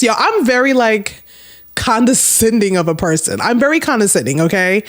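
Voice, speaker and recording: A woman's voice: fairly high pitch, lively intonation, normal speed. Woman telling a storytime to camera, blunt and candid, lots of swearing. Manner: candid, blunt, swears freely, addresses viewers as y'all. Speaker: storytime vlogger.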